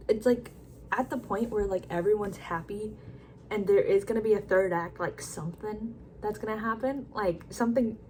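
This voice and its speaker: A young woman with a slightly high voice chats excitedly about what she has been reading. She rambles, piles up fillers and swears freely in a loose, casual way. A faint hiss sits under the recording. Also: poor audio. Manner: rambling, filler-heavy, excitable retelling with frequent likes and swearing. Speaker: book vlogger. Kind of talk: casual chat.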